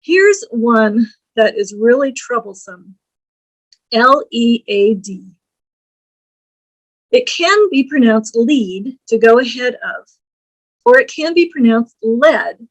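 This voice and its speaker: Slow-spoken woman lecturing on grammar. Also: a little high, expressive, rough recording. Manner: slow, deliberate, spells words letter by letter. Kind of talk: recorded lecture.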